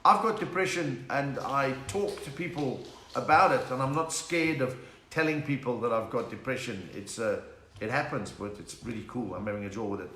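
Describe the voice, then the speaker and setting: A man's voice: mid-range voice, moderate pace, a bit bright, a little hiss or hum. A South African man hosting a live stream from home, chatting casually, punning and reading out viewers' names. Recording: echoey room.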